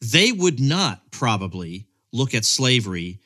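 A man hosting a podcast interview, jokey and teasing, stammering when excited. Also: medium pitch, a little slow. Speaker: podcast host.

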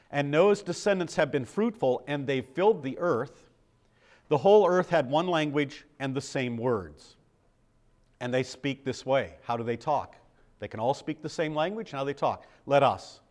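A man's voice: a little high, expressive, moderate pace. An older American man preaching a sermon in a conversational way, asking the congregation questions. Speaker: pastor.

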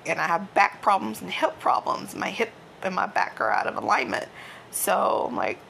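A woman's voice: mid-range voice, big pitch swings, moderate pace, vocal fry, a bit bright, a little hiss or hum. A woman, hosting and candidly telling a self-deprecating personal story, often laughing. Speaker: podcast host. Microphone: home microphone.

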